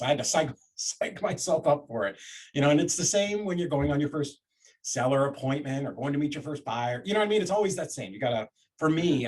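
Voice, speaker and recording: A man telling a personal story to an interviewer, conversational and lively. He acts out what he and others said and often restarts his sentences. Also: mid-range voice. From Florida, USA. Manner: animated storyteller, acts out quoted voices, many restarts. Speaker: real estate investor and guest.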